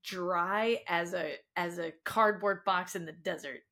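A woman's voice: on the low side, measured pace. A woman guest, a voice actor and coach, telling audition stories in a casual, self-deprecating way. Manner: animated anecdotes, self-deprecating, trailing restarts. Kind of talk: casual storytelling interview.

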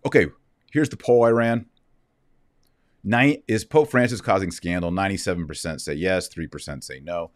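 A man's voice: deep voice, normal speed, no room sound. Fired-up preachy man, dry sound. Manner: fiery, preachy, sarcastic. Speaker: commentator. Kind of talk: heated opinion commentary.

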